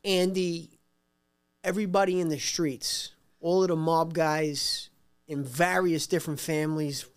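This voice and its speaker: A man's voice: fairly high pitch, steady tone, a little slow, clean tone. A man hosting a casual interview with his mother, explaining things to the audience and prompting her stories. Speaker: host, the guest's son.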